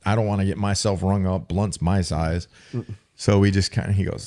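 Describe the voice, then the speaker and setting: In a fairly low, somewhat mellow voice at a moderate pace, this podcast co-host, once a football player, tells casual stories about his old coaches, full of swearing and sarcasm.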